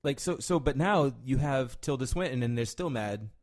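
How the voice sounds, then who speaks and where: A man's voice: mid-range voice, expressive, moderate pace. A man co-hosting a casual podcast, talking animatedly and swearing, with lots of "right?" tag questions. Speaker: podcast co-host. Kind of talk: casual chat.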